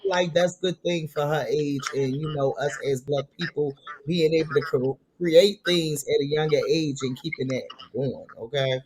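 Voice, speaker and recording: A male vlog host talking in a casual, rambling, slang-heavy way, with a slightly high voice. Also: normal speed, darkish tone. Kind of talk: casual commentary.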